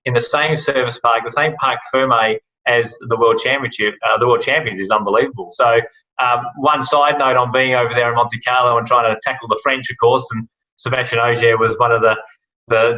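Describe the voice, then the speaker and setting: Guesting on a laid-back podcast, an Australian rally broadcast host chats casually, wandering off with plenty of fillers and false starts. He talks a little fast in a medium pitch with a level, sharp tone, and the sound is lo-fi.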